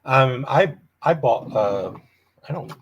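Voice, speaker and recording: A man's voice: medium pitch, expressive, takes it slowly, lo-fi sound, slight background noise. A man hosting a casual live chat from home, rambling and chuckling often. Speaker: livestream host.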